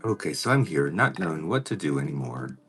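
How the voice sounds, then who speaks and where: A man doing a makeup transformation on a livestream, talking casually to viewers and now and then greeting them by name in an excited high voice. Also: fairly quick, soft background music. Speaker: makeup artist vlogger.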